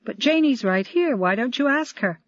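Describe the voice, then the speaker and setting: A woman's voice: high voice, lively intonation, moderate pace, no room sound, pitched above the performer's own voice. Brief: reader playing a dry, sarcastic young woman on the phone to her dad, lo-fi. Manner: sarcastic, patient. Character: sarcastic young adult daughter.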